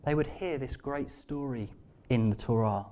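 A man preaching a sermon, moving between quiet, hushed scripture reading and rising, emphatic appeals. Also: medium pitch, moderate pace.

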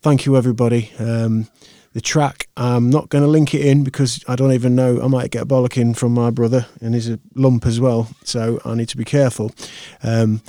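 A man's voice: mid-range voice, little pitch movement, fairly quick, hardly any pauses, mellow, no room sound, studio quality. A man hosting a podcast, chatting casually and rambling through his sign-off with fillers and restarts. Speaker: podcast host. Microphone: podcast microphone.

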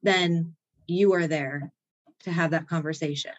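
A woman with a deep voice speaks at a measured pace with fairly even intonation, and the recording sounds lo-fi. She's a podcast guest writing a self-care book, chatting enthusiastically in an effusive, motivational way and laughing often.

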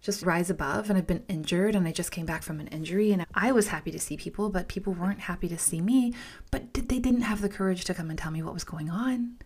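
A woman's voice: on the low side, fast talker, darkish tone, breathy edge. A woman hosting a podcast, telling a personal story in a candid, emphatic way, repeating words for stress, often dropping to a whisper and speaking to listeners as "you guys.". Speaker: podcast host.

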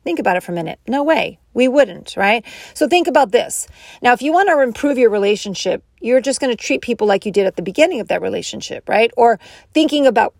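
A woman giving a motivational self-help talk, animated and acting out quoted inner voices. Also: on the high side, fast talker, vocal fry, dry recording, studio quality.

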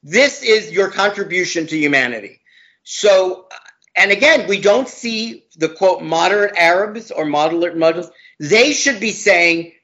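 A man with a high voice speaks in an emphatic, opinionated manner and hammers his points by repeating words. He is a law professor giving an interview guest's view. The recording is dull and lo-fi. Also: lively intonation, a little slow, sharp tone. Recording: dull lo-fi audio.

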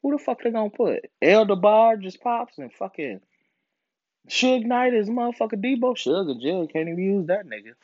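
Animated ranting man, dull dry sound. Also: high voice, normal speed, dry recording. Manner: profane, animated ranting with mocking put-on voices. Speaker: podcast host. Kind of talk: casual monologue.

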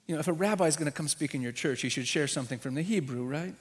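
A man, a rabbi, preaching a sermon in a church, teaching with animated emphasis and acting out quoted voices. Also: on the high side, quick pace.

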